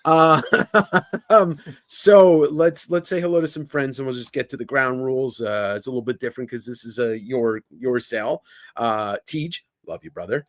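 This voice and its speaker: A man's voice: medium pitch, moderate pace, no room sound, clean studio sound. A man hosting a live comic sale stream from an office, joking and greeting viewers by name. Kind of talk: casual livestream chat. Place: indoor office.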